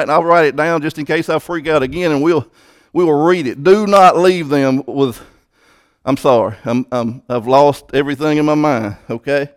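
A man's voice: on the high side, no room sound, studio quality. A man preaching a sermon, emphatic and impassioned, often repeating words.

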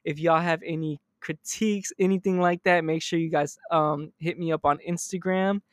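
A young man with a slightly high voice tells a story in a loose, chatty monologue, swearing freely and keeping it animated. The sound is dry and close to the mic, with no room around it. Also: moderate pace, no room sound. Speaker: storytime host.

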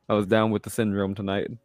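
A man's voice: lowish voice, darkish tone, no echo, studio quality. A man hosting a podcast in casual chat, playful and teasing. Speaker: podcast host.

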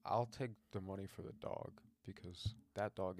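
A young man co-hosting a podcast, casual, with dry, deadpan and crude humor, on a close microphone. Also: sits low, moderate pace. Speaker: podcast co-host. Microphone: close podcast mic.

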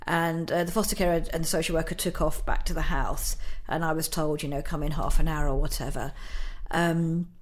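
A woman's voice: deep voice, steady tone, brisk, few pauses. A middle-aged woman, a guest in an interview, telling a personal story in a chatty way, laughing often and using many fillers.

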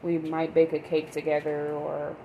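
Rambling mom vlogger, emphatic. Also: female voice, sits low, monotone, moderate pace, muffled recording, a little hiss or hum. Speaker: mother vlogger. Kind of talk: casual monologue.

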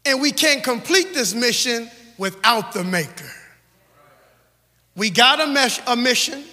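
A man's voice: extremely high pitch, bright, forceful tone, long reverb tail. A man in his forties preaching a sermon to his congregation, calling out for responses and repeating key phrases in a rhythmic build. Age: 40s. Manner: call-and-response exhortation with rhythmic repetition. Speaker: pastor. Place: church sanctuary.

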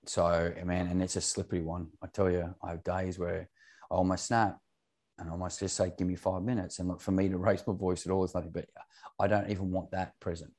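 A man's voice: sits low, level tone, fairly quick, a little mellow. A man talking earnestly and openly as a podcast guest, swearing casually as he speaks. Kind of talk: candid podcast conversation.

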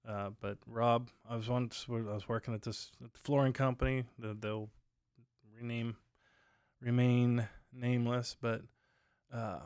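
Late at night at home, a podcast host chats on his own, wandering through stories packed with fillers. He has a medium-pitched, slightly mellow voice, and the studio sound is clean with no room noise.

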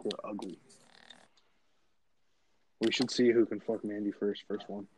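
A man's voice: fairly low pitch, flat delivery, a little slow, slight background noise, poor audio. A young man co-hosting a podcast in casual chat, teasing his friend with crude jokes and frequent laughs. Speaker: podcast co-host.

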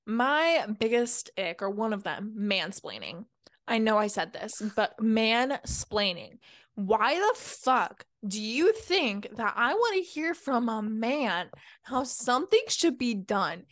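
A woman's voice: fairly high pitch, big pitch swings, takes it slowly, a bit bright. A young adult woman co-hosting a podcast, ranting bluntly and swearing in casual chat. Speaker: podcast co-host.

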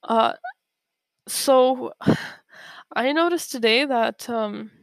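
A woman's voice: on the high side, drawn-out words, gravelly, no room sound. A young woman vlogging in a casual, rambling way, often laughing and correcting herself. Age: young adult. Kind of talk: casual storytelling to camera. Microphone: own mic, bumped at times.

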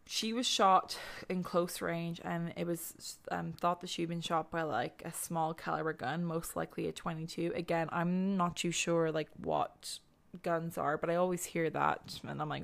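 A woman's voice: fairly low pitch, fairly even intonation, normal speed, gravelly. A young woman hosting a podcast, telling true-crime stories in a chatty, rambling way, swearing and using lots of fillers. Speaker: podcast host. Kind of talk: casual true-crime storytelling.

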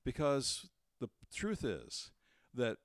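A man preaches with animated storytelling, his voice climbing high when he acts out the people in the story and dropping low and quiet for the serious points. His pitch sits in the middle for a man. The sound is dry and close, with no room echo. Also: slow pace. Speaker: pastor. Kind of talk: sermon.

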